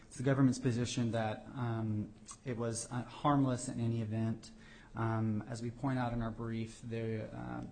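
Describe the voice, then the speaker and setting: A man, a government attorney, answering judges in a courtroom oral argument, often pausing with fillers and restarting his sentences. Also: mid-range voice, a little mellow, slight background noise. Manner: hesitant, many fillers and restarts.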